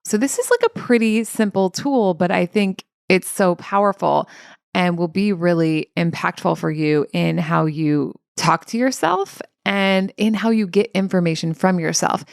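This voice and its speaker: A woman in her thirties, a career coach hosting her own podcast, talking in a relaxed, chatty way with lots of "like"s. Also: on the low side, unhurried, gravelly, clean tone, no echo, studio quality. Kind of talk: casual podcast monologue.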